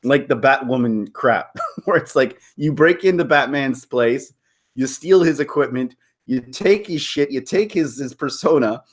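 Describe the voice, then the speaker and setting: A man ranting sarcastically on a vlog, with animated delivery and laughing asides. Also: mid-range voice, a little slow, husky. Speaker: vlogger. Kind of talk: opinion rant commentary.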